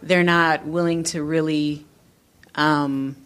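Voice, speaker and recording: A woman from the audience asking a preacher a question, hesitant and reflective, with many pauses and restarts. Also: sits low, steady tone, fairly bright tone, smooth.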